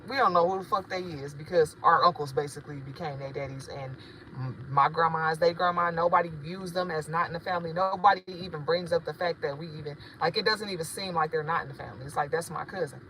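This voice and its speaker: A woman's voice: on the low side, quick pace, a bit bright, a little hiss or hum, rough recording. A woman, rambling casually and profanely to her livestream viewers as a spiritual shop owner. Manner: rambling, chatty, profane, addresses viewers directly.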